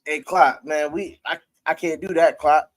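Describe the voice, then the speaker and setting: A man's voice: fairly high pitch, steady tone, measured pace. A man hosting a casual live-stream sports talk show, talking loosely with his viewers and breaking into laughter.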